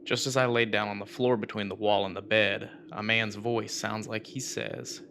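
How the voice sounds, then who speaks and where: A man narrating a paranormal episode in voice-over, his delivery flat and reflective. His voice has a gravelly fry, and noise hisses under it. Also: on the low side, normal speed.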